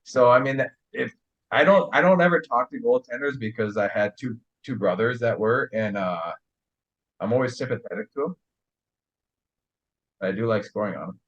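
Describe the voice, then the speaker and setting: A man's voice: medium pitch, animated, moderate pace, pauses often. A man and former hockey player, a guest on a podcast, telling stories in a laid-back, easygoing way. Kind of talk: casual storytelling chat. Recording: slightly dull, muffled audio.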